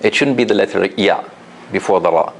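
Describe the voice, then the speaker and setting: Gravelly low-voiced man teaching a class. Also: slight background noise. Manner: patient, repeats examples slowly, asks class questions. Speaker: Quran recitation teacher. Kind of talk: classroom lesson.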